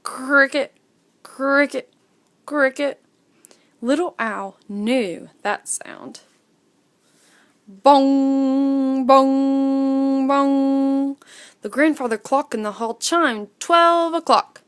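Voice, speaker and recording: A woman reading a children's story aloud in an expressive way, acting out the sound effects herself. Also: high-pitched, slow pace.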